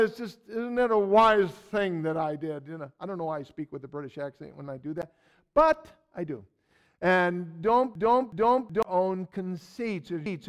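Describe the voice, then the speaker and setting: A Bible teacher with a high voice works through a sermon verse by verse in a folksy manner. He hits some words with loud stress, drops into soft asides, and repeats himself while searching for words.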